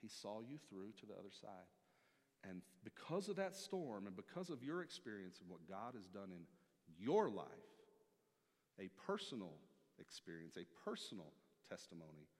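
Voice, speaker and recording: A man preaching a sermon from a church stage, emphatic, swinging from loud to hushed. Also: lowish voice, big pitch swings, normal speed. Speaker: pastor. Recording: long hall reverb.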